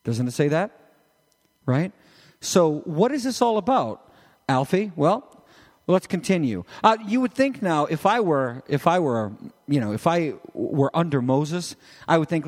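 Lively man preaching in an echoing hall. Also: fairly high pitch, a little slow. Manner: animated, conversational, full of rhetorical questions. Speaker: pastor. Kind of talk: sermon. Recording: long reverb of a large hall.

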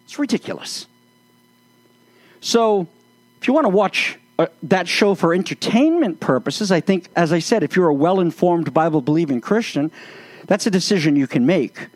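A man preaching in a sermon-style commentary, earnest and exasperated, with sarcastic turns. His voice sits high for a man. The sound is dry and close, with no room around it. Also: expressive, normal speed, no echo. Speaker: pastor.

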